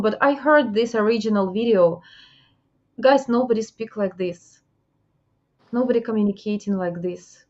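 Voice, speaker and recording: A woman hosting an interview, speaking halting with many fillers as she gives advice. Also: a little high, lo-fi sound. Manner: halting non-native English, frequent fillers, advising. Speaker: host. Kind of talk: interview about dating scams.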